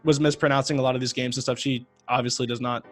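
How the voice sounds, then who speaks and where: A man, a podcast guest telling a long story in casual talk, rambling and animated with lots of fillers. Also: mid-range voice, quick pace, soft background music.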